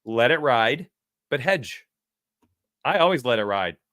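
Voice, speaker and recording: A man's voice: medium pitch, very animated, unhurried, a bit bright, no room sound, studio quality. A man hosting a sports betting livestream, rambling brashly and reading chat messages aloud. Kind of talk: casual livestream talk.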